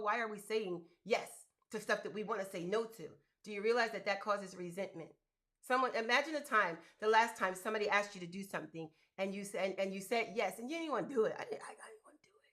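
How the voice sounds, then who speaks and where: A woman's voice: medium pitch, quick pace. Chatty, emphatic woman coaching moms. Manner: animated, emphatic, colloquial and chatty. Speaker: host giving business grant advice. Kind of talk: motivational live-stream talk.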